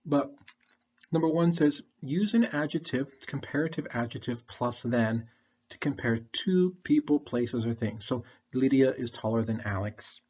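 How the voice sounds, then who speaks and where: A man's voice: medium pitch, a little slow, a little mellow, breathy edge. A man teaching an online English lesson, talking patiently and repeating his questions, with a throat candy in his mouth. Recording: dull lo-fi recording.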